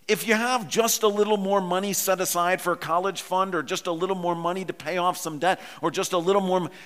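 A pastor in his forties gives a sermon and mixes teaching with personal stories in an easy, conversational way. His voice sits a bit high and sounds bright and forceful. A long church-hall reverb trails behind every phrase.

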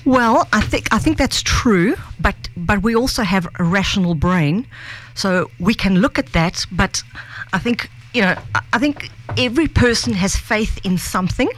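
A woman co-hosting a podcast who speaks in an earnest, measured and thoughtful way. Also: medium pitch, expressive. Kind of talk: reflective conversation about faith.

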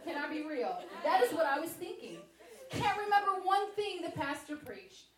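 A woman giving a sermon-style personal testimony, telling her story in a lively way with chatty asides to the audience. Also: very high voice, moderate pace, some chatter behind. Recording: echoey hall, mic at a distance.

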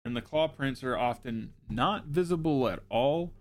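A man's voice: mid-range voice, unhurried, darkish tone. A man hosting a show, reading informational notes aloud and breaking off for joking asides. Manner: wry, joking asides between read facts. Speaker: show host.

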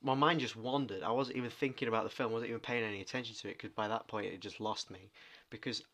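Chatty man, bright tone. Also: fairly low pitch, quick pace. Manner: rambling, animated retelling with funny impressions. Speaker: podcast co-host. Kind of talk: casual chat.

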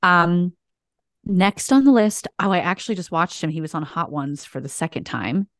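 A woman co-hosting a casual chat over a video call, gushing and bubbly and quick to laugh. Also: on the low side, dry recording, clean studio sound. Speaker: co-host.

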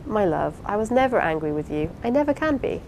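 A reserved young husband lectures in measured, formal phrases, gently reproving, as a woman reads his lines. The voice stays in an ordinary middle range. A faint low rumble sits under the audiobook recording. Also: very animated, low-quality recording. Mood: tender. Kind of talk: audiobook character reading.

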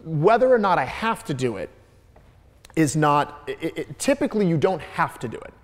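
A middle-aged Midwestern American man answers audience questions at a public Q&A. His voice sits a little on the higher side for a man, and he rambles, stammering and restarting his sentences often. The sound carries the long reverb of a large hall. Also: sing-song, moderate pace. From Detroit, Michigan.

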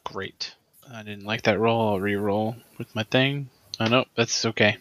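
A man with a bright, forward voice playing in a casual tabletop game. He is eager, tallies his rolls aloud and grumbles in mock exasperation when they go badly. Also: on the low side, fairly even intonation, unhurried. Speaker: player.

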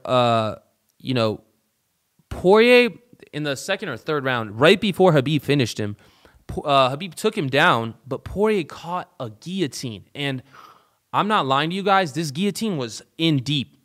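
A man hosting a casual sports talk show, animated and profane, swinging from loud outbursts to low muttered asides. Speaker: show host.

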